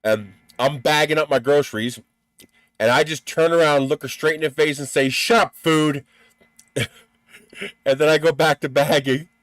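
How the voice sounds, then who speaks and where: A man's voice: a little high, fairly even intonation, moderate pace, no echo. Blunt, swearing man ranting. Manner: laughs at his own stories. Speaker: live stream host. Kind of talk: casual live-stream chat.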